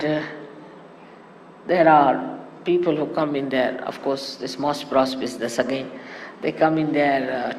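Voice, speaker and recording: A woman giving a spiritual talk to followers, animated and teasing with amused asides. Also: low-pitched. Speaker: spiritual teacher. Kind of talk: sermon-style spiritual talk. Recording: echoey hall with faint hiss, archive 1989 tape.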